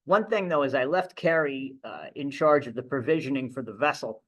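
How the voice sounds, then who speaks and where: A man's voice: medium pitch, a little fast, a bit bright. A middle-aged man, a ship captain, giving a conversational, anecdotal talk at a library event. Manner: conversational storytelling with restarts. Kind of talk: anecdotal lecture.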